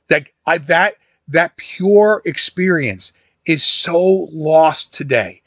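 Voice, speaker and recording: Reviewing a horror movie, this middle-aged host talks in a casual, wandering way, often starting sentences over and going off on tangents. His voice is on the high side, fairly bright and slightly raised, at a moderate pace, recorded close and dry without echo.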